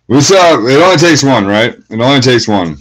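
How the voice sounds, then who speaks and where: A man's voice: medium pitch, low-quality recording. A man hosting a trading card break, calling out each card and greeting viewers, getting hyped at big pulls. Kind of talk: live card-breaking commentary.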